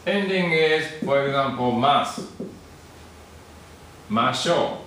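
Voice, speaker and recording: Slow-spoken teacher in a very echoey room. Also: male voice, mid-range voice, animated, a bit bright. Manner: slow, repeats syllables, checks in with "okay?". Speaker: Japanese language teacher. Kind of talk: classroom lesson. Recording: very echoey room with faint noise.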